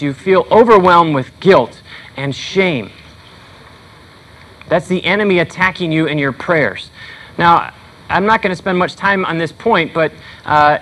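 High-voiced man preaching a sermon. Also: a bit bright, low-quality recording. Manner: earnest, conversational preaching with frequent fillers. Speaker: pastor.

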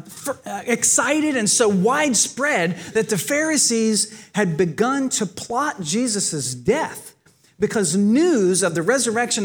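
A high-pitched, breathy-edged voice belongs to a pastor preaching to his congregation and addressing them directly. He tells stories vividly and expressively, acting out the quotes with animation.

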